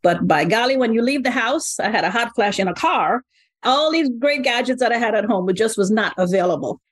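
Animated woman in her fifties, storytelling. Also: fairly high pitch, a little fast, no room sound. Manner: animated, exclamatory. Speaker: guest, co-founder. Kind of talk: conversational storytelling.

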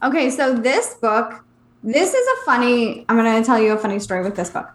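A woman's voice: on the high side, brisk. Roomy-sounding woman podcast co-host. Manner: relaxed, hesitant, many "um"s. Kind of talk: casual chat about books.

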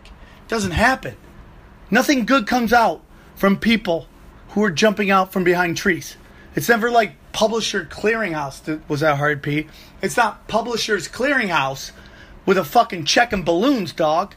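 High bright-voiced dude ranting and cursing through a funny story on his show. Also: moderate pace. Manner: profane, rambling, animated storyteller. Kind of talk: comedic rambling monologue.

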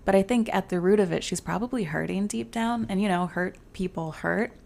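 A woman's voice: mid-range voice, brisk, vocal fry, a little mellow. A woman hosting her own podcast, talking casually and filling her speech with "like"; she calls herself hot-headed and fiery. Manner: chatty, many filler "like"s. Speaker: podcast host. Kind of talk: casual solo podcast advice. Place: home closet.

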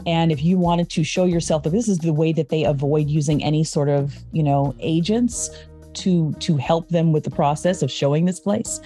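A woman guest in a casual chat, telling her story in a halting, chatty way with frequent restarts. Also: low-pitched, mellow, faint music behind.

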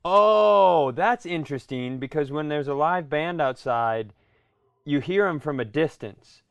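A man's voice: a little high, expressive, measured pace, creaky, clean tone, no echo. A man co-hosting a podcast in casual comedic chat, asking rambling questions full of restarts. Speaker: podcast co-host.

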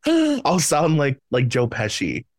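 A man's voice: a little high, wildly swooping pitch, slow, no room sound, clean studio sound. A man co-hosting a podcast, chatting about pop culture in a playful way and laughing easily. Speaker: podcast co-host. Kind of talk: casual pop-culture chat.

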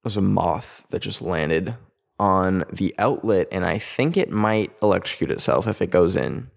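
A man's voice: sits low, lively intonation, measured pace, creaky. A young man from Canada hosting a solo podcast, chatting casually in a rambling, self-mocking way that keeps getting sidetracked. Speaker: podcast host.

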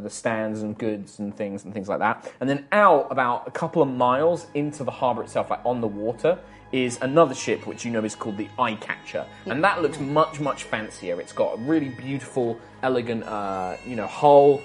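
A woman narrating as game master in a chatty, rambling way. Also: rumbling low. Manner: chatty, rambling descriptions with fillers.

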